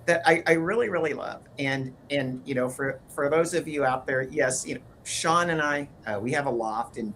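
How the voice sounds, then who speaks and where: A man co-hosting a casual talk show, speaking haltingly with many repeated words and fillers. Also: a little high, fairly bright tone, slight background noise. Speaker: podcast co-host. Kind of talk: casual conversational chat.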